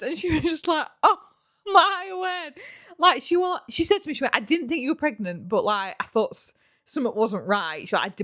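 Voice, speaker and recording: A woman's voice: on the high side, no echo, clean studio sound. Chatty young woman. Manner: chatty and animated, heavy on fillers, acts out quoted dialogue. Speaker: podcast host. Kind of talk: casual storytelling chat.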